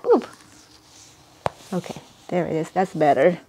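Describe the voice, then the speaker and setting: A woman vlogger chatting casually as she unboxes a gift, excitable and giggly, gushing as she goes. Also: fairly low pitch, measured pace, noisy background.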